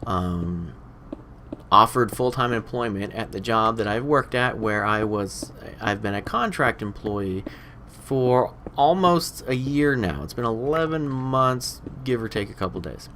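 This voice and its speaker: A man's voice: on the low side, lively intonation, unhurried, sharp tone, slight background noise. A young man hosting a game let's play, chatting casually while he plays and rambling with lots of "you know" fillers. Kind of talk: casual commentary while playing.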